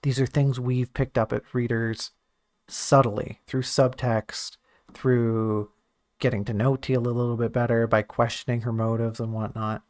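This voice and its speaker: A man's voice: medium pitch, level tone, a little slow, darkish tone. A man in casual stream commentary, reviewing his own writing draft, thinking aloud in a self-critical, joking way.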